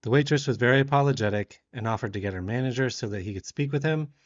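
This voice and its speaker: A man tells a story over his woodworking video, pitched in an ordinary middle register. He acts out the heated moments with bursts of shouting. The recording sounds a little dull and lo-fi. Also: quick pace. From Southern United States. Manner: animated storyteller who shouts and acts out the quoted lines. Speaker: woodworking vlogger.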